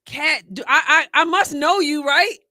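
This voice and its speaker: Bright-voiced woman hosting a chatty live stream. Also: high voice, unhurried, no room sound, studio quality. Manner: chatty and excitable, thinking aloud and talking to chat viewers. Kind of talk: casual live commentary reacting to a sports draft.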